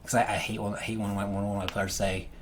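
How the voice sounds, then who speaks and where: A man with a low voice speaks casually about running his games. He restarts often, doubling words as he searches for the next phrase. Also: level tone, fast, a little hiss or hum. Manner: stammering restarts, repeated words. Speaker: game master. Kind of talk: casual talk to camera.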